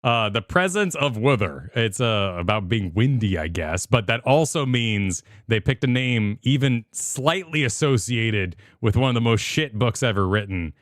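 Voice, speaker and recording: A man's voice: medium pitch, expressive, moderate pace, few pauses, no echo, studio quality. A young man from Virginia with a Virginian accent, co-hosting a podcast in rambling casual chat. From Virginia, USA. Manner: rambling, laughs loudly, trails off. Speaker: podcast co-host.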